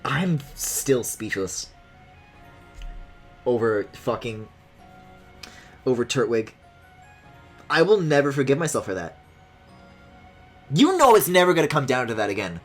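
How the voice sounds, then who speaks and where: A woman streaming a video game, chatting casually and swinging between loud squealing outbursts and low mutters, swearing often. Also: sing-song, a little slow, long pauses, faint music behind.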